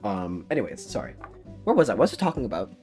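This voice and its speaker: A man's voice: fairly low pitch, huge pitch swings, fast talker, darkish tone, soft background music. A young man chatting casually on a live stream, rambling off on tangents and swearing freely. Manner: rambling, goes off on tangents, swears, laughs often.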